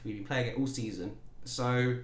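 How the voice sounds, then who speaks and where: A man's voice: mid-range voice, steady tone, normal speed, a little hiss or hum. A man giving casual, jokey let's-play commentary, talking playfully to his players. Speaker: gaming YouTuber. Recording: roomy echo.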